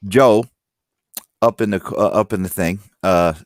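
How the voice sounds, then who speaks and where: A man telling stories in a casual podcast chat, acting out quotes loudly. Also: low-pitched, moderate pace, dry recording, studio quality. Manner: animated storyteller, acts out quotes loudly. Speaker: podcast guest.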